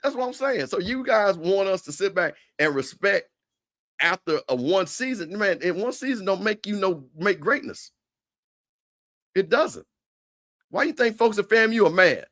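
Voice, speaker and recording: A man co-hosting a sports talk stream, teasing rivals in an animated, repetitive way. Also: high voice, moderate pace. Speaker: show co-host. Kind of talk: casual trash-talk commentary.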